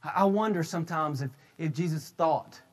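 A man preaching a sermon, shouting his emphatic points and then slipping into a loose, conversational retelling full of restarts. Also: fairly high pitch, normal speed. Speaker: pastor.

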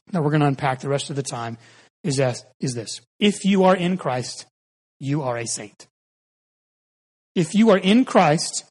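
A pastor in his forties preaches in a bright, high voice, easy and conversational. He mixes humor into his sermon and tells stories with animation. His words ring out with a long reverb through a church hall.

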